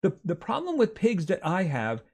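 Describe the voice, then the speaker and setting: A man's voice: high voice, wildly swooping pitch, moderate pace, darkish tone, breathy edge. A man streaming a farming game live, chatting casually with his viewers as he plays. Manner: chatty, talks to game animals and reads chat aloud.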